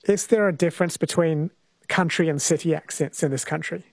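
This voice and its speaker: A radio host with a New Zealand accent talks casually and reads listener texts. His voice sits a bit high for a man. The sound is dry and close. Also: fairly quick, vocal fry, dry recording. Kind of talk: radio talk.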